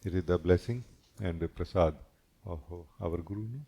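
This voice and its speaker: Gentle, low-voiced man giving a satsang. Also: moderate pace, gravelly. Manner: gentle, reflective, often ends sentences with a questioning "no?". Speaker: spiritual teacher. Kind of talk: satsang talk.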